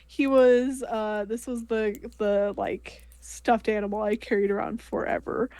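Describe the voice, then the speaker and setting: A woman's voice: a little high, fairly even intonation, a little slow, mellow, no room sound. A woman chatting casually on a livestream, emotional and rambling with lots of fillers. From United States. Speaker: co-host.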